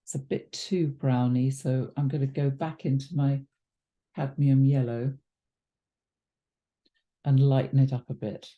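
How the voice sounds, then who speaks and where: A woman giving a relaxed watercolour painting demonstration, chatty and thinking aloud with ums and self-corrections. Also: rumbling low, measured pace, pauses often. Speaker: watercolour art teacher.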